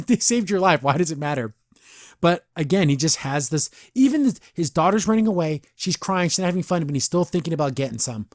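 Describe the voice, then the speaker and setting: A man's voice: fairly high pitch, expressive, fairly quick, dry recording, studio quality. A man hosting a podcast, casually reviewing an episode, rambling and laughing often. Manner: chatty, rambling, laughs often, says "I don't know" a lot. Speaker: podcast host.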